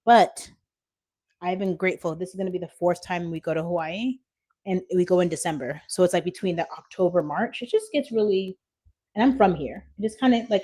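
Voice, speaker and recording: Her voice is dark and fairly low, and she talks a bit fast. She is a Washington State woman in her thirties, chatting casually on a live stream from her phone at home, reading out comments and laughing often.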